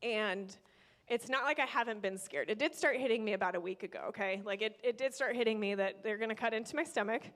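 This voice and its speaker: A young woman telling a personal story in a casual, faith-filled way. She gets excitable and animated, with bursts of praise. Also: fairly high pitch, fast talker. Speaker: vlogger and kidney donor.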